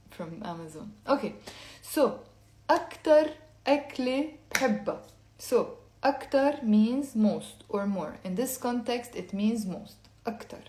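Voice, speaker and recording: A woman giving a casual online language lesson, talking low-key and quiet late at night, explaining step by step and having listeners repeat words aloud. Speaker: Lebanese Arabic teacher. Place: indoor room at night. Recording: echoey room.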